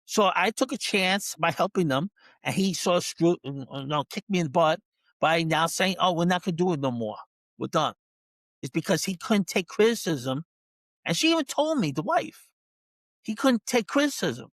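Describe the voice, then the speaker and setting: A man's voice: high-pitched, animated, normal speed, fairly bright tone, dry recording. A man who works as a dog trainer, a podcast guest telling a story in casual talk, full of restarts, who acts out other people's lines. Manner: frequent restarts and repeated words.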